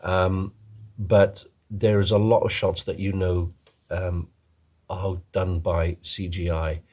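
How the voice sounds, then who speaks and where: Male reviewer, deep and a little raspy, chatty and meandering with lots of fillers. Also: little pitch movement, takes it slowly, mellow. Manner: rambling, many ums and restarts. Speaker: film reviewer. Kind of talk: rambling casual film review.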